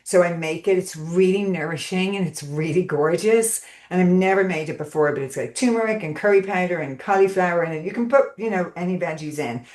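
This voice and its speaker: A woman's voice: fairly low pitch, brisk, hardly any pauses, darkish tone, reverberant. A woman hosting a casual group coaching call, talking in a rambling, chatty way with lots of fillers and check-ins with her listeners.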